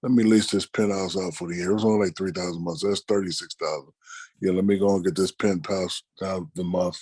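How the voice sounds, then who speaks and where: A middle-aged man, an interview guest, telling stories in a relaxed, conversational way and acting out the people he quotes. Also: deep voice, fairly quick, gravelly, slightly rough, dry recording. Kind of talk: casual storytelling.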